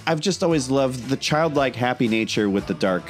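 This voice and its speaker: A man co-hosting a podcast in casual chat, speaking thoughtfully and in a relaxed way, often hedging as he thinks aloud. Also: mid-range voice, moderate pace, over music. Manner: thoughtful, relaxed, musing with hedges and fillers. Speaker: podcast co-host.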